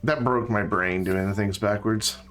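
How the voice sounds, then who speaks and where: A man's voice: fairly low pitch, normal speed, a bit bright. A man chatting casually while he streams a game, joking and talking to objects in it. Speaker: live streamer. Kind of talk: casual gameplay stream chat.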